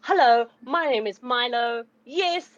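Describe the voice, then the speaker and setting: A woman playing a sweet, chatty little male kitten in a tabletop game, pitched up high and sing-song. The voice is cute and eager. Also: measured pace, no room sound, highs cut off, lightly acted. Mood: cutesy.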